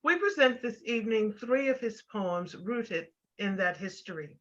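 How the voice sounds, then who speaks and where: A woman's voice: medium pitch, animated, unhurried, fairly bright tone, muffled recording. A woman presenting at a poetry remembrance event, giving history in an informative way. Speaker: storyteller and presenter. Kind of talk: presentation to an audience.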